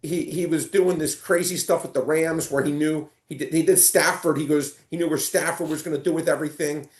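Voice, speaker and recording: A man on a casual sports podcast, telling animated stories with lots of stumbling restarts. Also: fairly high pitch, brisk, echoey room. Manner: animated storyteller, stumbling restarts and excited retelling. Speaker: guest.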